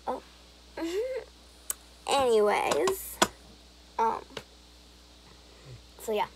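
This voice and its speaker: A woman's voice: fairly high pitch, very animated, very slow, long pauses, a little hiss or hum, low-quality recording. A young woman, vlogging in a giggly, rambling, apologetic way. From Alberta, Canada. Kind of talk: rambling casual vlog chat.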